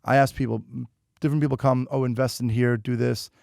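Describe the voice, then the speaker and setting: Gravelly-voiced man hosting a podcast. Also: medium pitch, fairly even intonation, fairly quick, darkish tone, no echo, clean studio sound. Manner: affirming, short backchannels and earnest riffs. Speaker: podcast host. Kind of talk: casual interview chat.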